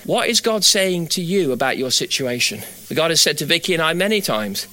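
A middle-aged man preaching a sermon. He builds to fervent, high exhortation, then drops to quiet storytelling. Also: expressive, a little fast.

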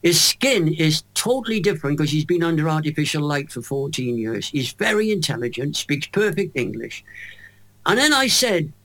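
Welsh guy in his 80s, bit higher voice, animated storyteller in an interview. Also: normal speed. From Wales. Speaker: guest.

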